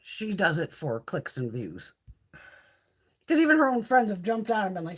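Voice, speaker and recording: Lively, blunt woman livestream host. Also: mid-range voice, normal speed, slightly rough. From Northeastern US. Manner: blunt, profane, animated storyteller. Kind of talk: casual livestream chat.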